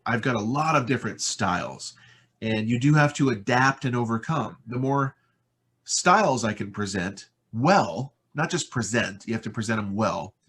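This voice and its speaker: A man's voice: medium pitch, fairly bright tone, breathy edge. An American man talking casually and enthusiastically in an interview about his voice-over work, rambling with fillers. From United States. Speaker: voice-over artist guest.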